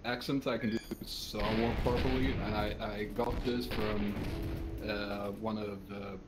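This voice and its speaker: A man's voice: fairly low pitch, little pitch movement, unhurried, loud music behind the voice. Tired, sweary man gaming. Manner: swears a lot, tired-sounding. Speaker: gamer co-streamer. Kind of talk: casual chat while gaming.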